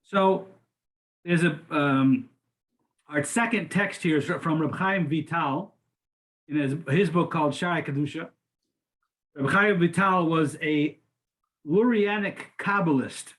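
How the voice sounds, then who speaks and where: A man's voice: a little high, slow pace, long pauses, a bit bright. Older man teaching an informal class. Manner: informal, frequent restarts and repeated words. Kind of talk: conversational lecture.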